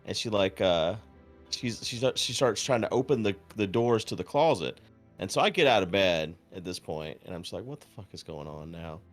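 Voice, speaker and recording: A man streaming and chatting casually, telling a story in a deadpan way with lots of swearing, acting out quotes. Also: fairly low pitch, moderate pace, soft background music. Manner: profane, deadpan. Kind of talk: casual chat.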